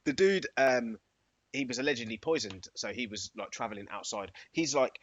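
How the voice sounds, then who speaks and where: A man's voice: medium pitch, animated, moderate pace. A man co-hosting a podcast in casual comedic banter, rambling through stories and chuckling often. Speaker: podcast co-host. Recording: dry, muffled lo-fi recording.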